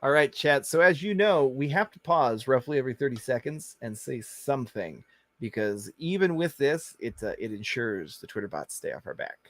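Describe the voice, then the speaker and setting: A man's voice: medium pitch, normal speed. Joking american man hosting a livestream. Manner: animated, jokey, talks straight to the chat. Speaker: livestream host. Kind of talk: casual livestream commentary.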